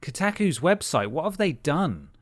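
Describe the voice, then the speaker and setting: A man's voice: on the high side, very animated, normal speed, no echo. Dry-sounding man with wry asides. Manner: wry, jokey asides while reading headlines. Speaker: podcast co-host. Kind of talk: casual podcast news chat.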